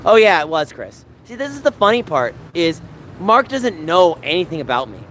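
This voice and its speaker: A man's voice: fairly high pitch, sing-song, moderate pace, a bit bright, slight background noise, rough recording. A man hosting a casual livestream, talking to chat by name and turning confrontational as he defends himself. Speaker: livestream host.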